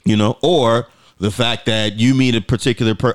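A man's voice: medium pitch, steady tone, normal speed. A man co-hosting a podcast, telling stories in a casual, profane way and acting out quoted voices. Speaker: podcast co-host.

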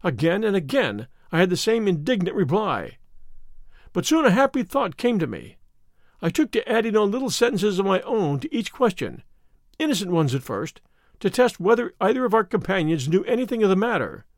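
A man narrating a classic story in the first person as an audiobook reader, in a measured and vivid way. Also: high-pitched, big pitch swings, no room sound, studio quality.

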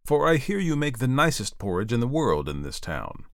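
A meek, puzzled stranger from the moon voiced by a man reading a storybook, polite and confused, his voice lively in pitch and recorded close and dry. He answers questions in a mild, bewildered way. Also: moderate pace, vocal fry, no room sound.

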